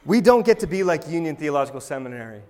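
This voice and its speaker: A man delivers a sermon as pastor, his voice sitting noticeably high for a man. He speaks with emphasis and slips into sarcastic asides. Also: sing-song, fast talker, darkish tone.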